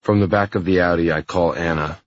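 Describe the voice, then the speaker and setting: A man narrating a first-person audiobook in a low, intimate, even reading style. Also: a little fast, dry recording, highs cut off.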